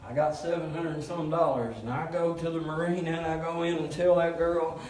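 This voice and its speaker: A pastor preaching, telling a story with loud emphatic shouts and low, quiet asides. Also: male voice, fairly even intonation, brisk. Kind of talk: sermon storytelling. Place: church. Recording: echoey church hall from far off.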